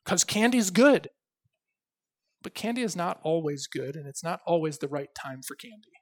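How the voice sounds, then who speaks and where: A pastor preaching a sermon, emphatic, slowing down to stress key phrases and swinging between loud and soft. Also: male voice, fairly high pitch, animated. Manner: reads scripture aloud with expression.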